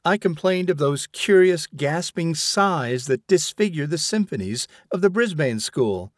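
A man's voice: a little high, expressive, measured pace, no room sound, clean studio sound, pitched above the performer's own voice. A man reading aloud, voicing a petulant, fretful woman who keeps complaining. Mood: indignant. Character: imperious, fretful woman, a mother.

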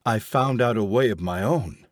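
A man's voice: on the low side, moderate pace, no echo, studio quality, lightly acted. A man doing a grave, defiant young man. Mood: earnest. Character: earnest, defiant young man, quietly rebellious. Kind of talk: audiobook character voice.

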